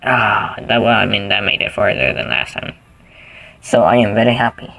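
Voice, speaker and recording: Male gamer, casual commentary, goofy rambling; low-pitched and gravelly. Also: very animated, normal speed, bright, forceful tone, slight background noise, low-quality recording. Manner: rambling, goofy, thinks aloud while playing. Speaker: gaming channel host.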